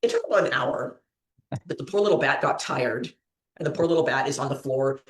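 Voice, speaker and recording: A woman's voice: a bass voice, brisk, slight background noise. Rambling, giggly woman host in a roomy space. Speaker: trivia show host. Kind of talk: casual chat and storytelling. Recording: roomy echo.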